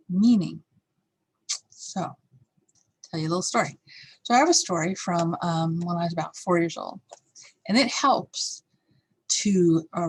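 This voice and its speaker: A husky, lower-voiced woman speaks in a candid, reflective way, sharing a personal story as a teacher. She is middle-aged and now and then acts out the lines that others said. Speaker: course teacher.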